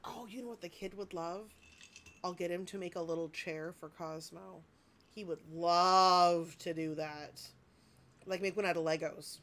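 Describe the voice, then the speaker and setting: A woman's voice: lowish voice, fairly even intonation, normal speed. A woman in her thirties, a vlogger gushing and rambling in casual chat about handmade gifts she received.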